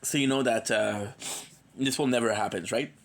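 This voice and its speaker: A man's voice: mid-range voice, moderate pace. A man streaming games live, chatting in a rambling, playful way with his viewers, tired and coming down with a cold. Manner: rambling and playful, drops in foreign words; chats with viewers by name. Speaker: gaming streamer. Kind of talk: casual livestream chat.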